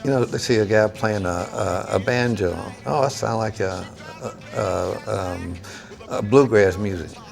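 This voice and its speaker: Low gravelly man, halting and emphatic. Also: faint music behind. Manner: halting, many fillers and restarts, emphatic. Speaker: interviewee, musician. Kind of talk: reflective interview talk.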